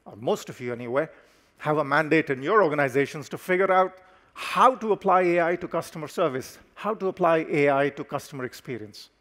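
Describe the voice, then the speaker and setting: A middle-aged man giving a conference keynote as a company chief, explaining his points in a measured way and stressing key words with pauses. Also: on the high side, fairly bright tone. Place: conference stage.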